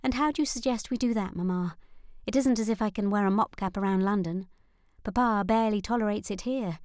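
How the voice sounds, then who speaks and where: A woman's voice: mid-range voice, a little fast, darkish tone, no echo, clean studio sound, lightly acted. A woman voicing a worried, self-doubting young noblewoman in an audiobook, speaking earnestly.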